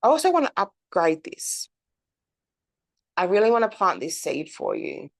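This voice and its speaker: A woman's voice: mid-range voice, very animated, normal speed. A woman, hosting her own podcast in a candid, chatty monologue full of fillers and the odd swear word. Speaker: podcast host. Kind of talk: casual reflective monologue.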